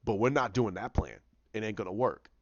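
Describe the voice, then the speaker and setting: A man voicing a calm, self-assured veteran hero in his late forties, speaking firmly and a little lower than his usual voice. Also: fairly quick, no room sound, muffled recording.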